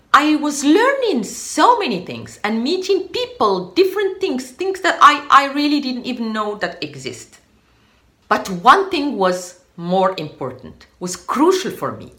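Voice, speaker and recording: A woman hosting a motivational podcast, telling a personal story in an animated, dramatic way. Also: medium pitch. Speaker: podcast host.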